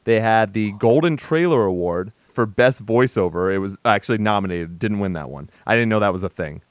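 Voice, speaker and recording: A man's voice: fairly low pitch, lively intonation, a little fast, dry recording. A man hosting a movie podcast in casual chat, rambling and laughing, with some swearing. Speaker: podcast host.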